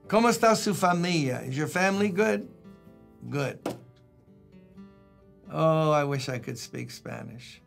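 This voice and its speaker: Older male pastor, gravelly and slightly high-pitched, loose anecdotal devotional delivery. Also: lively intonation, a little slow, long pauses, soft background music. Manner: folksy, anecdotal, reads scripture aloud. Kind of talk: conversational devotional sermon.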